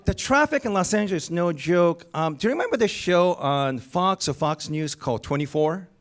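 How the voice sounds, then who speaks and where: A man's voice: high voice, expressive, moderate pace. Goofy-voiced man hosting live. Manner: nervous, rambling, self-deprecating. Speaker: comedian host. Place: cinema stage before a live audience.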